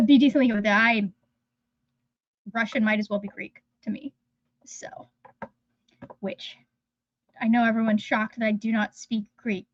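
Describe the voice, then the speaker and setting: Woman, high voice, casual livestream host, rambling chatty talk, dry close sound, slightly muffled. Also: expressive, moderate pace, pauses often, dry recording. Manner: rambling, chatty, trails off mid-sentence. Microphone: phone.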